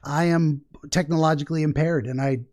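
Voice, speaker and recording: Male podcast host, slightly high voice, rambling and chatty, laughs a lot. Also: fairly even intonation, fairly quick, darkish tone. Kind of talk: casual interview chat.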